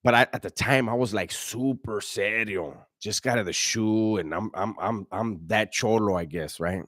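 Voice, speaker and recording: Middle-aged male streamer, low-ish voice, profane slangy storyteller, dry close recording. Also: normal speed, a bit bright, no room sound. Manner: profane, slang-heavy storytelling, frequent restarts. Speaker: livestream host. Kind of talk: casual livestream chat reading viewer donations and comments.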